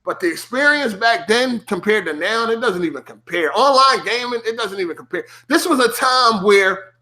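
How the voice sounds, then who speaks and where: A man streaming, telling a gaming story casually, with heavy slang and cursing, acting out his younger self in a higher, excited voice. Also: normal speed.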